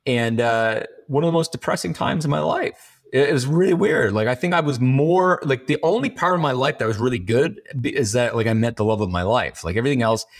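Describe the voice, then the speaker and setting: A man's voice: mid-range voice, animated, fairly quick. A man speaking as an interview guest, frank and rambling, swearing freely and restarting his sentences often. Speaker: guest entrepreneur. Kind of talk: candid conversational interview.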